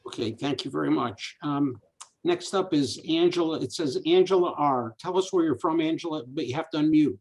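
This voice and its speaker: Guy running the board meeting, husky, brisk, casual about it. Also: on the high side, a little mellow. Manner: informal, brisk procedural. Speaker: board chair. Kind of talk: chairing a meeting.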